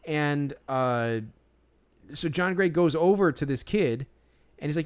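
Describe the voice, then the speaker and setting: Casual male podcast co-host, clear resonant voice, loose storytelling full of fillers. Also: on the high side, animated, takes it slowly. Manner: rambling storyteller, many "like" fillers. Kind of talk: casual chat.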